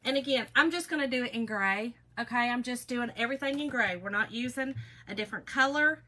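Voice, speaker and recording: A woman's voice: a little high, a little fast, sharp tone, low-quality recording. A middle-aged woman, hosting a casual craft livestream in a folksy, chatty way and greeting viewers by name.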